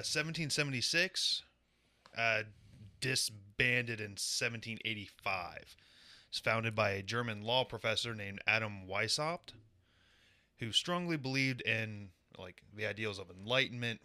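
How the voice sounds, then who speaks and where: A young man on a casual podcast, with a lowish voice that still sounds bright and forceful. He explains a topic in an offhand way, with plenty of fillers. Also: a little slow. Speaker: podcast co-host presenting a segment.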